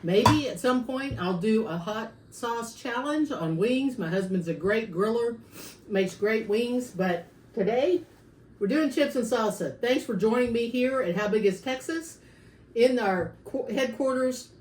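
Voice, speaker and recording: Speaking unhurriedly with lively intonation, this woman has a fairly high, slightly mellow voice. She's the chatty, friendly host of a casual food-tasting vlog, saying "y'all" while hot salsa burns her mouth, with roomy echo and faint background noise in the recording.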